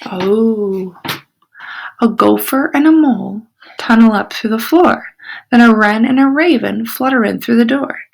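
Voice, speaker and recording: A woman teacher reading a picture book aloud to children, expressive, with whispered asides. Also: fairly high pitch, unhurried, vocal fry, poor audio.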